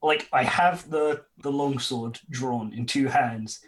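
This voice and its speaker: A man playing a tabletop game, slowly and hesitantly describing his character's attack. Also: medium pitch. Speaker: player. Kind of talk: casual tabletop play.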